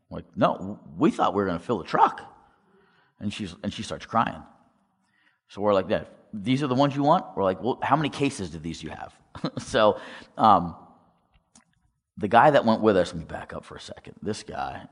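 A man giving a storytelling testimony to a congregation, acting out quoted dialogue and asking the audience questions. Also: low-pitched. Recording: long hall reverb.

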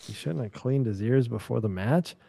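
Lively joking man, dry close sound. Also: medium pitch, moderate pace, creaky, no echo. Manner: jokey, teasing. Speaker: podcast guest. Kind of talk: casual fight watch-party chat.

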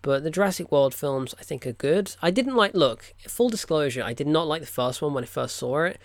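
A man's voice: fairly high pitch, animated, a little fast, no room sound. A man reviewing films in a casual, rambling vlog, full of "look" and "right?" asides. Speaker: film reviewer. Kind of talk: casual weekly film diary vlog.

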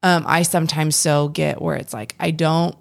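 Low, gravelly woman in earnest chat. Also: flat delivery, moderate pace, no room sound, clean studio sound. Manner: earnest, rambling with many restarts. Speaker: podcast co-host. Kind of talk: casual faith chat.

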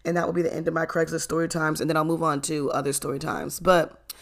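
Gravelly, chatty young storyteller. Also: mid-range voice, flat delivery, fast. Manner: chatty, lots of fillers, frequent laughs and swearing. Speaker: storytime vlogger. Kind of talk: casual storytime.

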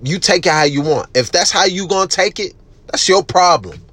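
A man hosting a casual solo podcast, ranting bluntly with heavy cursing, emphatic and loud at times. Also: high voice, expressive, normal speed, slightly rough. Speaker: podcast host.

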